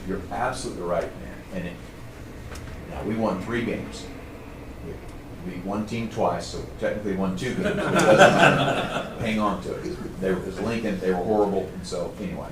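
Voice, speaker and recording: A man's voice: low-pitched, moderate pace, background noise. Man telling stories in an echoey room. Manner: casual, animated storytelling, says "man" often. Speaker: trainer speaking to a group. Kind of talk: storytelling talk to a live audience. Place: room with a live audience. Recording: roomy, distant mic.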